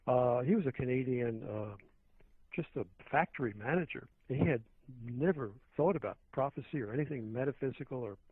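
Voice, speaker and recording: A man calls in as a talk radio guest and rambles on earnestly, restarting his sentences as he goes. His voice sits at an ordinary pitch, and it comes through a thin, tinny phone line with a dry sound. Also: no echo.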